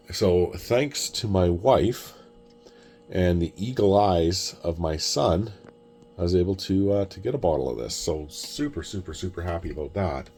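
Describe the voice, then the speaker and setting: A middle-aged Canadian man, a whisky collector who vlogs, chats casually about his bottles in a low, slightly mellow voice. He rambles and repeats words as he tells his stories.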